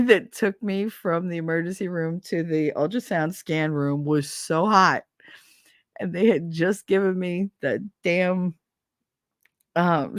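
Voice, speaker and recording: A woman with a fairly low voice chats from her home streaming setup, rambling through animated stories. She swears freely and laughs often. The sound is close and dry. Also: no echo. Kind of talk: casual storytelling chat.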